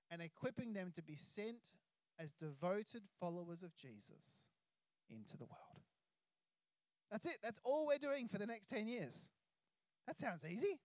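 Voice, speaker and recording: An Australian pastor preaching a sermon, emphatic, stretching key words out slowly. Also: medium pitch, big pitch swings, no echo.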